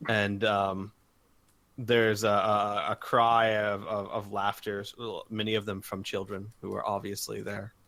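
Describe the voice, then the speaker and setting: A man's voice: fairly low pitch, monotone, unhurried, a bit bright. A man narrating as game master in a casual tabletop game, hesitant and full of fillers.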